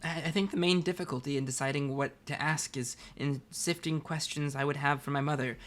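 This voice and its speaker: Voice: mid-range voice, steady tone, brisk, a bit bright, close to an everyday voice. A reader voicing an articulate, dry-witted teenage girl who talks in elaborate phrases. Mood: wry. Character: verbose wry teen girl, articulate and dry. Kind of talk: reading comic dialogue aloud.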